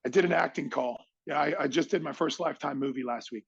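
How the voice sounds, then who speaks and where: A man's voice: on the high side, fast talker, vocal fry, dull audio, background noise. A middle-aged man, a podcast guest, tells a motivational story with emphatic energy and acts out other people's lines.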